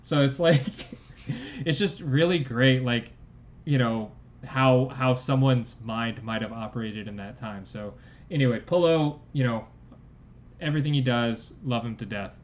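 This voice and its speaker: A man's voice: medium pitch, unhurried. A young man co-hosting a podcast, chatting casually and enthusiastically, full of "like" and restarts. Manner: enthusiastic, rambling with many likes. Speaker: podcast co-host. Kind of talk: casual chat.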